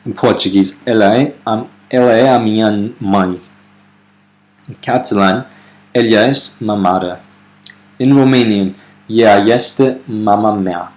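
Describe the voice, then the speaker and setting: Low-voiced man, casual video grammar tutor, some ums, reads out foreign example sentences. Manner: relaxed, with fillers and self-corrections. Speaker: language teacher.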